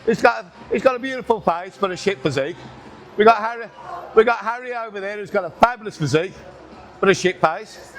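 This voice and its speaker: A man's voice: sits high, brisk. A man, talking casually through a workout in a gym, joking, swearing and short of breath between reps. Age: 60s. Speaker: gym vlogger. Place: busy gym with music playing. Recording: gym music in background.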